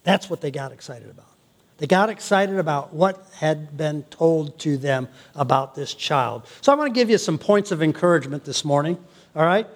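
An older man preaching a sermon as pastor, animated with laughing asides and playful exclamations. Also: fairly high pitch, moderate pace.

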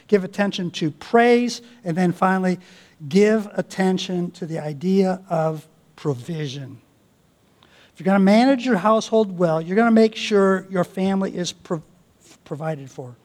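A man's voice: high voice, animated, moderate pace, a little mellow. A man preaching a sermon as pastor, earnest and exhorting, asking his listeners rhetorical questions.

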